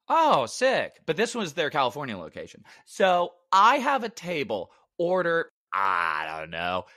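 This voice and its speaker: A man's voice: a little high, a little slow, no echo, clean studio sound. A young man co-hosting a podcast, telling jokey stories in a casual chat. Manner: lively, jokey storyteller. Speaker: podcast co-host.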